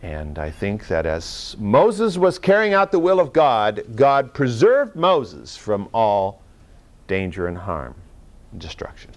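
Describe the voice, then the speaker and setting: A pastor preaches in a conversational way with a slightly high voice, slipping in small laughs and restarts. He swings between loud emphasis and quiet asides.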